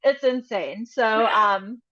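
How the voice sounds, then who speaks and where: A woman hosts an online interview and gushes over her guest with lots of giggles. Her voice sits a little high. The audio is dull and lo-fi, like a video call. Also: takes it slowly, pushed and bright. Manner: enthusiastic, gushing, giggly. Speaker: interviewer, host.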